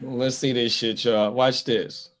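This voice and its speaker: A man hosting a podcast in casual chat, talking in a slangy, profane, animated way. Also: medium pitch, slow. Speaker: podcast host.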